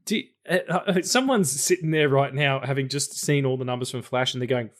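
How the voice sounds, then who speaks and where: A man's voice: mid-range voice, brisk. A man guesting on a podcast in casual chat, loose and sweary, often rambling.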